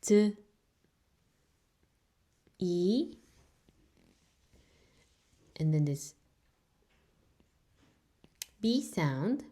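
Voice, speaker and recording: Very slow, patient woman language teacher, native Korean speaker. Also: on the low side, sing-song, mellow. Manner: patient, repeats each sound several times for learners. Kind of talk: beginner language lesson.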